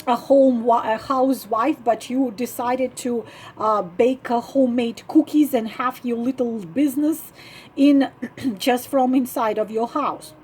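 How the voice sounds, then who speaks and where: A woman, the channel's host, giving earnest, repetitive, emphatic relationship advice in a monologue and often clearing her throat. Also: on the high side, darkish tone, slight background noise. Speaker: online relationship advisor.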